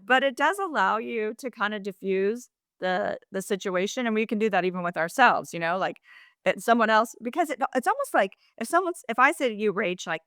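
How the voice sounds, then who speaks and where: A female podcast co-host speaks in a mid-range voice, a little fast, with clean studio sound and no echo. Talkative and animated, she chats casually at length, restarting often, adding asides, and acting out quoted phrases in shifting voices.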